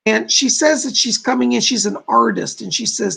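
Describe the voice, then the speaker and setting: A man's voice: extremely high pitch, normal speed, gravelly, hardly any pauses, a bit bright, slightly rough. A man hosting a live stream as a psychic medium, reading viewers' comments aloud and passing on spirit messages in an informal way. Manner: informal, repeats "I gotta tell you".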